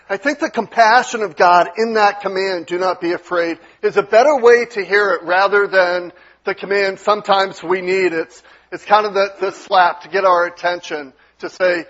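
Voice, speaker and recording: A male pastor delivering a conversational sermon, dropping to a soft, gentle tone when he voices reassuring words. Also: high-pitched, normal speed, muffled recording. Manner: conversational preaching with soft quoted asides.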